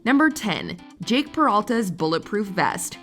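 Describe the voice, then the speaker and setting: A woman's voice: medium pitch, very animated, a little slow, fairly bright tone, soft background music. A woman narrating a countdown video in a scripted, upbeat and wry voice-over.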